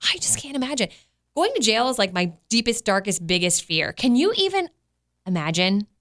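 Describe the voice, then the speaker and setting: A woman's voice: fairly high pitch, sing-song, moderate pace, fairly bright tone. A woman co-hosting a podcast, asking incredulous questions and teasing her co-host in casual chat. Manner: teasing, incredulous, laughs often.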